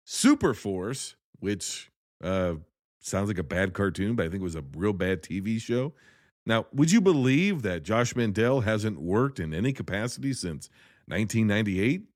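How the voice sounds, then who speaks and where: A man's voice: fairly low pitch, no room sound, studio quality. A man hosting a comedic film review, sarcastic and mocking as he retells scenes. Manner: sarcastic, animated, mocking voices for quoted lines. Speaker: podcast host reviewing a film.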